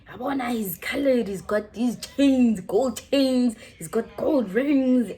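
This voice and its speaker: A woman's voice: a little high, slow, few pauses, slightly rough. A young South African woman with a South African accent, telling a casual storytime with slang and local phrases. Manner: animated, slangy, mixing in Zulu-style phrases, laughing a lot.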